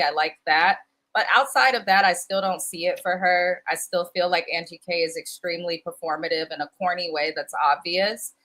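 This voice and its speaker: A woman's voice: fairly low pitch, bright, forceful tone. A woman co-hosting a casual reality TV recap, blunt and opinionated. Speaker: show co-host.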